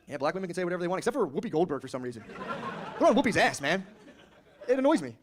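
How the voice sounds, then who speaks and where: Male stand-up in his thirties, brash and profane, fast delivery, slightly high voice, live club mic with faint room noise. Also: very animated. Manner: brash, profane, riffing with the crowd, acting out characters. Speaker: stand-up comedian. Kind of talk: stand-up comedy set. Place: comedy club stage with a live audience.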